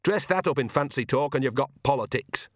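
In a clean studio recording with no room sound, a man reads an audiobook, voicing an earthy, shameless old witch who speaks in a blunt, bawdy, down-to-earth way. His mid-range voice is pitched a little above his natural one yet stays close to everyday speech, with lively intonation and a fairly quick pace.

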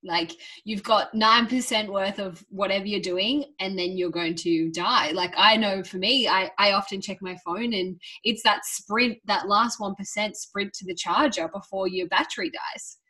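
A woman's voice: mid-range voice, sharp tone. A woman podcast host reacting enthusiastically to a guest in casual chat. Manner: enthusiastic, quick responses.

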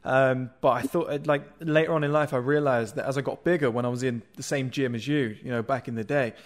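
A young man hosting a podcast, asking relaxed, chatty questions full of fillers. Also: medium pitch, fast. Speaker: podcast host. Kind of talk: casual podcast interview.

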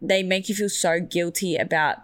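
A woman's voice: on the low side, steady tone, normal speed. A woman co-hosting a podcast, speaking candidly and earnestly. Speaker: podcast co-host. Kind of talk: casual chat.

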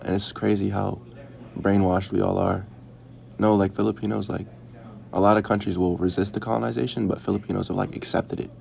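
Gravelly low-voiced young man. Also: level tone, fairly quick, a little mellow. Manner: rambling, heavy with "like" fillers. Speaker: interviewee. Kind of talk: casual conversation.

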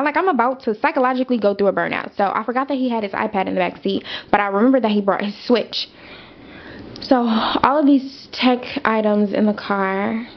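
A young woman hosting a podcast, telling a personal story in a casual, animated, emphatic way with lots of fillers. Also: fairly high pitch. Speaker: podcast host. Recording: dull lo-fi audio.

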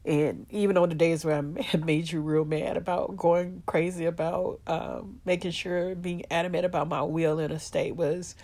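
Middle-aged woman, low-pitched, heartfelt vlog storytelling, hesitant fillers, talks to "y'all.". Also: steady tone, normal speed, few pauses, mellow. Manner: addresses her audience as y'all. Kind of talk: personal storytelling.

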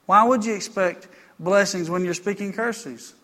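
A man preaches from the pulpit, his voice pitched high and ringing bright. He talks folksy and plain, circling back on his phrases and slipping into homespun stories. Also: unhurried. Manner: folksy, repetitive, storytelling. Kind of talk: conversational sermon. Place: church.

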